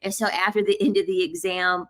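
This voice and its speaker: A young woman, telling stories in a casual, animated vlog monologue, repeating herself and laughing often. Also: mid-range voice, fairly quick. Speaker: vlogger.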